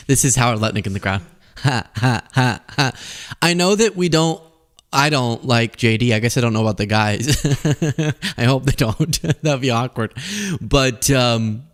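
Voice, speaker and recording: A man's voice: mid-range voice, a bit bright. A man hosting a political commentary podcast, talking casually, laughing often and mocking playfully.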